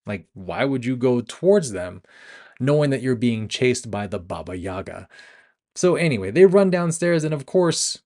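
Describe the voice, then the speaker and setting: A man's voice: medium pitch, big pitch swings, normal speed, darkish tone. A young man hosting a casual film review podcast, retelling scenes with laughs, restarts and self-corrections. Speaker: podcast host. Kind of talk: casual movie review chat.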